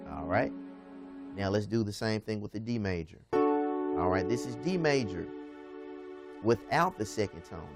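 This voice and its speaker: A man with a low voice teaches piano at an easy, patient pace, repeating each step and checking in with "okay?" after his phrases. Piano playing sounds clearly under his voice. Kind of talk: piano lesson. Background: piano music.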